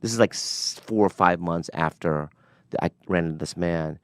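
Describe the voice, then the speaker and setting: A man with a very low voice tells a personal story on a podcast. He acts out the people in it with animated shifts. The sound is dry and close. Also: normal speed, no room sound. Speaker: podcast guest. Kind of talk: casual storytelling.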